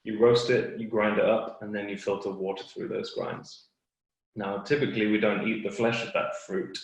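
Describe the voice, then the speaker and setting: A man explaining clearly and patiently as a guest expert on a webinar. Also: on the low side, fairly even intonation, moderate pace, heavy reverb, low-quality recording.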